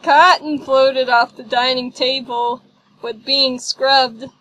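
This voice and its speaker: A woman's voice: sits high, fairly even intonation, takes it slowly, fairly bright tone, low-quality recording. A woman reading a storybook aloud, doing light voices for the characters. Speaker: audiobook narrator.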